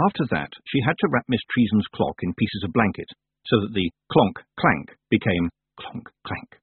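Husky man narrating a story. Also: on the low side, moderate pace, no room sound. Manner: lively, expressive storytelling. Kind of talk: audiobook reading. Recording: tinny phone-like dry sound.

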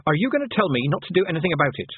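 A man playing a sharp, determined young girl. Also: fairly high pitch, big pitch swings, fairly quick, breathy edge, no echo, pitched above the performer's own voice. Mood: urgent. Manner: sharp, urgent, demanding. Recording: dry, phone-like narrow sound.

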